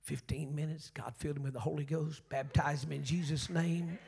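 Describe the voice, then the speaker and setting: A sixty-year-old preacher with a gravelly, raspy voice that sits a little high for a man. He tells his story from the pulpit, dropping to hushed asides and then shouting out to the congregation. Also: fairly even intonation, fairly quick. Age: 60s. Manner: storytelling, swings from shouting to near-whisper. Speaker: revival preacher. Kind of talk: sermon. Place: church sanctuary.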